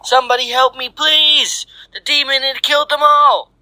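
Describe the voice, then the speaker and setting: A man voicing a nervous male gunman in the jungle, giving orders in a tense hush. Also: medium pitch, animated, normal speed, slightly rough, no echo, voice pushed up, exaggerated voice, low-quality recording. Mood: panicked. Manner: tense hush that breaks into panicked screaming.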